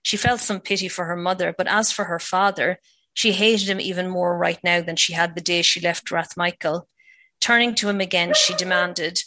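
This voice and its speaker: A woman author reading from her own novel in a measured, steady way. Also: lowish voice, slight background noise.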